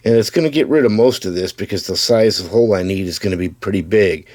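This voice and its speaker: A man casually talking to camera as he shows the parts of a model car he is building, easygoing and unhurried, with the odd restart. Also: on the low side, darkish tone, dry recording. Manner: easygoing, talks to camera while showing parts, with small restarts. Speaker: hobbyist building custom slot cars. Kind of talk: casual build-update video.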